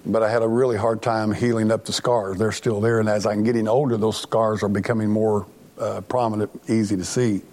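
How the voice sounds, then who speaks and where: Middle-aged male pastor, lowish voice, earnest plainspoken preaching, frequent restarts. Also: flat delivery, brisk, a little mellow. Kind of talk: sermon.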